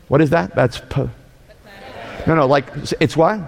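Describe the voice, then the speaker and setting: A man preaches with lively emphasis, his fairly high voice gravelly at the edges. He slips into mocking put-on voices and breaks out into shouts. The sound carries a long reverb from a church hall. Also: measured pace, long pauses. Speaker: pastor. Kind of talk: sermon.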